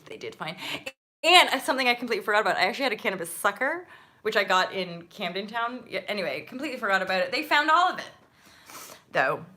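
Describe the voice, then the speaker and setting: A woman hosting her own channel, telling a story in a casual, animated monologue, full of asides and freely swearing. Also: a little high. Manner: chatty, with many fillers and asides. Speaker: channel host.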